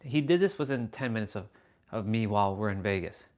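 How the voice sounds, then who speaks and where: A man chats on a livestream, telling his story with animation. He turns to his viewers between anecdotes and answers their comments in a relaxed, conversational way. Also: fairly low pitch, fairly quick. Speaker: livestream host. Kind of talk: casual livestream chat.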